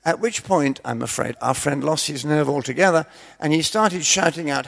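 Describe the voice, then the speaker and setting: A man's voice: on the high side, moderate pace, vocal fry, hardly any pauses, a bit bright. A man preaching, chatty and self-deprecating, mixing humorous stories into his sermon. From Scotland.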